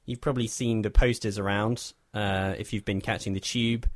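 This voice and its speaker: A man's voice: fairly low pitch, fairly even intonation, moderate pace, no room sound, clean studio sound. Wry man reviewing films. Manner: wry, rambling, self-deprecating. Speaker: film reviewer. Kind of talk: casual chat.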